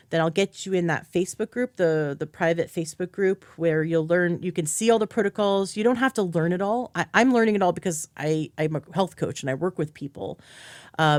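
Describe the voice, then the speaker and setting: A woman's voice: deep voice, no echo. A woman hosting a podcast as a health coach, talking in an enthusiastic, chatty way. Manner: enthusiastic, chatty, acts out quoted speech. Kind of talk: casual interview chat.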